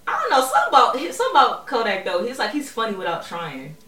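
Slangy woman podcast cohost, bright voice, sounds a bit off mic in an echoey room. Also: on the high side, fast talker, distant mic, slight background noise. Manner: animated, laughs often, slangy. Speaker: podcast co-host. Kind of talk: casual chat.

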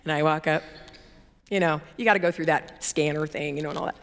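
A woman's voice: deep voice, quick pace. A woman preaching a sermon, telling a story with laughter and acting out the people in it. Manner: animated, laughing, acts out quoted people. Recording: long hall reverb.

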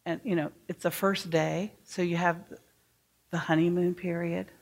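A woman's voice: on the low side, flat delivery, normal speed, creaky, a little mellow. A woman educator giving a workshop talk to teachers, speaking emphatically and asking the room questions. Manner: emphatic, asks the audience questions.

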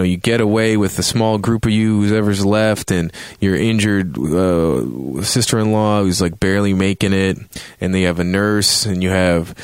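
A man's voice: low voice, clear, resonant tone, no echo. A man reviewing a video game in a rambling, casual way, swearing often and acting out reactions in a raised voice.

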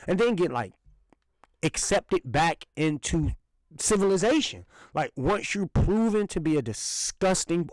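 A man's voice: fairly high pitch, dry recording, poor audio. A young man hosting a solo podcast, ranting with indignant sarcasm, swearing often and laughing as he goes. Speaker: podcast host.

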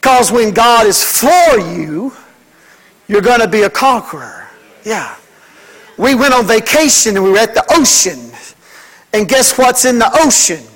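An older man, a pastor preaching a fervent sermon to his church, moving between loud, emphatic lines and hushed ones. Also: high-pitched, big pitch swings, measured pace, pauses often, low-quality recording.

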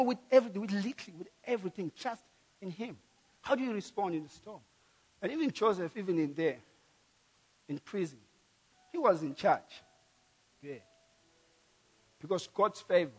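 High-voiced man preaching a sermon. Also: breathy edge. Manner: emphatic, repeats key phrases, swings from loud to soft.

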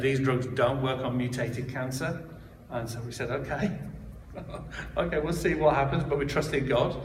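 A man's voice: medium pitch, a little hiss or hum. A man giving a personal testimony, told in a conversational way with frequent restarts and asides. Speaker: church member giving testimony. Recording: roomy hall, speaker far from mic.

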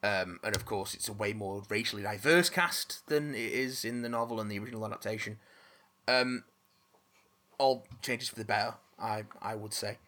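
A man's voice: lowish voice, normal speed, bright, forceful tone. A man hosting a casual chat, rambling with restarts and casual swearing.

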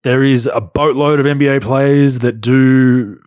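An Australian man hosting a podcast, relaxed and blunt as he reads out listener questions and chats. His voice sits at an ordinary pitch for a man. The sound is close and dry with no room around it. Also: unhurried, no echo. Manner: laid-back, blunt, swears casually. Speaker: podcast host, former pro basketball player. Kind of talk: casual podcast chat, reading listener questions.

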